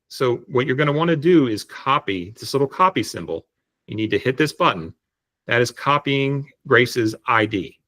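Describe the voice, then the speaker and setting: A man explaining step by step how to set up an AI voice agent, speaking on a video call in a relaxed, explanatory way. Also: medium pitch. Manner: relaxed, explanatory, frequent restarts. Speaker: tutorial presenter. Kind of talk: screen-share software tutorial.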